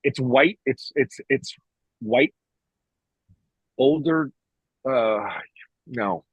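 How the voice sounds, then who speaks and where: A man's voice: mid-range voice, drawn-out words, husky, no room sound. A man in casual podcast chat, ranting in a profane, exclamatory way. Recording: dull, slightly lo-fi recording.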